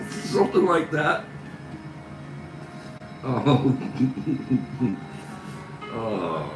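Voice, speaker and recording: A man with a mid-range voice hosts a casual livestream, reading viewer comments aloud at a very slow pace, very animated and laughing constantly. He's giggly and teasing throughout. His phone camera picks him up in an echoey room with music playing behind.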